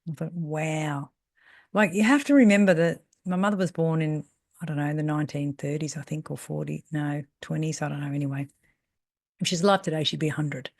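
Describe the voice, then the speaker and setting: A woman's voice: low-pitched, brisk, a little mellow, no echo. Aussie lady in her 50s rambling through stories, lots of ums, dry close sound. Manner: chatty, rambling, with fillers and self-corrections; acts out voices in quoted speech. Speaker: salon business mentor. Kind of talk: casual storytelling monologue.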